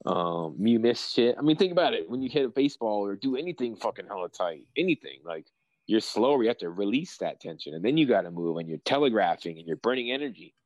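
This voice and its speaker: A man's voice: lowish voice, fast talker, dry recording, low-quality recording. Dry, profane young man telling fight stories. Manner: profane, rambling, excitable storytelling. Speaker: professional fighter guest. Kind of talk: casual interview chat.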